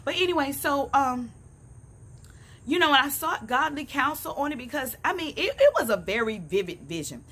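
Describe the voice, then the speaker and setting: A woman's voice: high voice, very animated, normal speed, fairly bright tone. Earnest woman vlogging outdoors. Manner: earnest, conversational, addresses viewers as y'all. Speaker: vlogger sharing a faith testimony. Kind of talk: casual personal testimony. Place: outdoors on a sunny morning.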